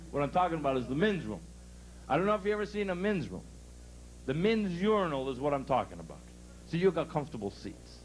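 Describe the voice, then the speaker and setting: A man's voice: a little high, slight background noise, rough recording. A man doing stand-up for a live crowd, telling folksy dirty jokes and laughing at his own punchlines. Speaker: stand-up comedian.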